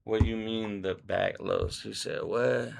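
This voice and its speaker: Loud slangy streamer guy, gravelly. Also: lowish voice, background noise. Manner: loud, slangy, joking banter. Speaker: livestream host. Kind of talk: casual livestream chat. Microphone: desk microphone being adjusted.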